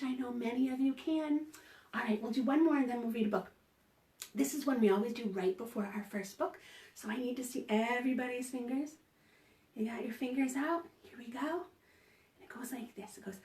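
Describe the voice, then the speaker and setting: A woman librarian leading an online story time from home, talking slowly and gently in a sing-song, encouraging way to small children. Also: sits high. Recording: roomy home video call audio from a distance.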